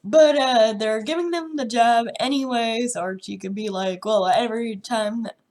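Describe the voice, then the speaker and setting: A woman's voice: a little high, normal speed, a little mellow. A woman with a head cold and a sore throat, chatting in a nasal, stuffed-up voice on a casual TV reaction vlog, rambling and trailing off mid-sentence. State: sick with a head cold, congested. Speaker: TV reaction vlogger.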